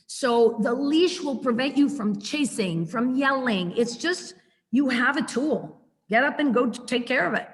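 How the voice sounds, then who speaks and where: A woman's voice: high voice, animated, a little slow, in a large hall. A woman dog trainer teaching a webinar over a video call, practical and demonstrating the tones she uses.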